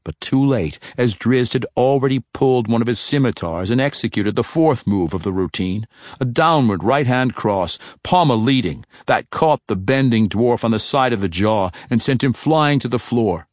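A man narrating a fantasy audiobook in a measured, steady storytelling manner on a close mic. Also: medium pitch, no echo.

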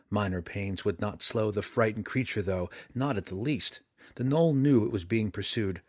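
A man with a fairly low voice narrates a fantasy audiobook. His reading is measured and dramatic, paced for storytelling. The sound is close and dry, with no room around it. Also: no echo.

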